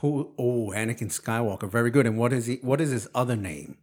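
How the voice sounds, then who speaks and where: On his casual podcast, a man in his forties teases and playfully quizzes his young son, laughing often. His voice is mid-range, brisk and slightly mellow.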